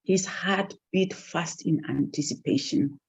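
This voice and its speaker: Husky storyteller. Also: mid-range voice, unhurried. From southern Africa, Basotho. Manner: expressive, dramatic storytelling with swells in volume. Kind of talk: folktale storytelling. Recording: dull lo-fi recording.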